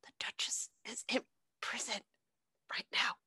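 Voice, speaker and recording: A woman voicing a jittery male rabbit in whispered role-play, passing on news in a nervous hush. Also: unhurried, no echo, studio quality.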